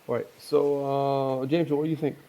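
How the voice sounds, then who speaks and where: A man's voice: mid-range voice, flat delivery, unhurried, mellow, rough recording. A man running a tabletop game, explaining rules with many fillers and restarts. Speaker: game master.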